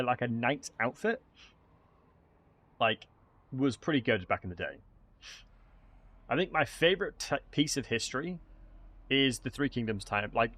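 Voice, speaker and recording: A man's voice: mid-range voice, a bit bright, slight background noise. A man, streaming a strategy game and chatting to viewers in a rambling way, full of fillers and restarts. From England. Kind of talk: casual gameplay commentary.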